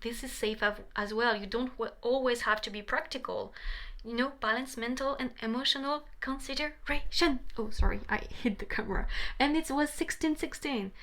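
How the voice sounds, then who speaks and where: A woman's voice: fairly high pitch, moderate pace, a bit bright. Passionate woman tarot reader, pleading. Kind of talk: tarot reading to camera.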